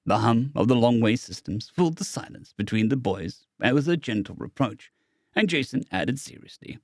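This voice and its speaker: A man's voice: medium pitch, lively intonation, moderate pace, no room sound. Man narrating an audiobook, dry and close.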